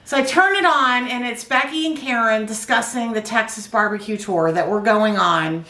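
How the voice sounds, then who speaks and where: A woman knitting vlogger telling a rambling, animated story in casual chat on a couch. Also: a little high, moderate pace, reverberant. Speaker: knitting vlogger, yarn dyer. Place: indoors, on a couch.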